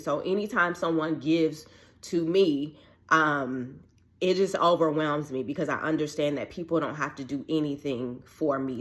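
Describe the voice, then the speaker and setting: Low-voiced woman, chatty and earnest. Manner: chatty, filler-heavy, acts out quoted dialogue; earnest and heartfelt. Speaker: widowed mother sharing a faith testimony. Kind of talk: casual personal testimony.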